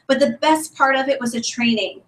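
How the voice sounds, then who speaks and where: A woman giving an enthusiastic, emotional testimony speech at a sales meeting, chatty and animated. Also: high voice, a little fast. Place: meeting room, on a stage. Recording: echoey room from a distant mic.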